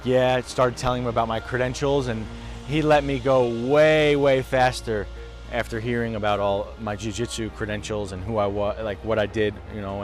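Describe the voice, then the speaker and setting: Man recounting a harrowing trip, raw. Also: medium pitch. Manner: raw, emotional, swearing, dips to hushed then rises loud. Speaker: vlogger. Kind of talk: casual storytelling to camera.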